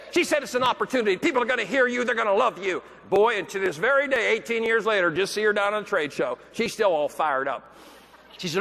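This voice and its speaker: A man giving a motivational keynote, telling a story with animated delivery, acting out the voices of people he quotes and breaking into shouts. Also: high voice, fast. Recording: echoey hall, faint background noise.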